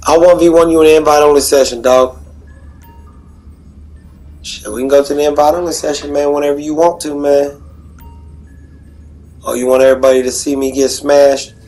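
A man's voice: a little high, flat delivery, moderate pace, pauses often, dark tone, soft background music, rough recording. Cocky trash-talking man, street slang. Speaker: gamer trash-talking over voice chat. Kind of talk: casual trash talk while gaming.

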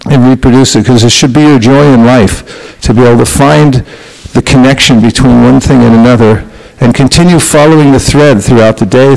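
A man with a gravelly, creaky voice at a medium pitch, teaching a scripture class. He talks directly and coaches his students, pushing them to speak with authority. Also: darkish tone, rough recording. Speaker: spiritual teacher leading a class.

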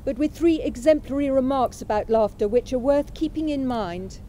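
A woman with a fairly high, mellow voice reads aloud from a lecture. Her delivery is measured and unhurried, literary in tone, and she gives each line room without any showiness. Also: slight background noise, rough recording. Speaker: speaker at a memorial event. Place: college chapel.

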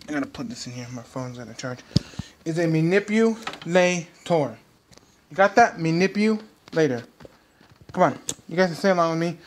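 A man's voice: a little high, animated, moderate pace, a little hiss or hum. A young man hosting his own vlog, ranting heatedly and repetitively straight at his viewers. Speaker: vlog host.

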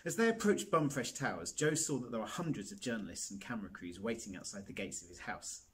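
A man reading a children's novel aloud with animated storytelling. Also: lowish voice, quick pace, slight background noise. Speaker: reader.

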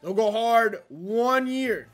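A young man commenting on his own baseball video game, rambling and frustrated, venting with sudden loud outbursts. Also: very high voice, expressive, takes it slowly. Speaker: gaming YouTuber. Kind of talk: casual gameplay commentary.

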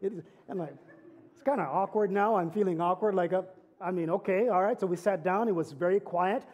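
Fervent high-voiced preacher, dark tone. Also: male voice, fairly quick, highs cut off. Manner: earnest preaching with rising emphatic climaxes; conversational storytelling with humor. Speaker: pastor. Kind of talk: sermon.

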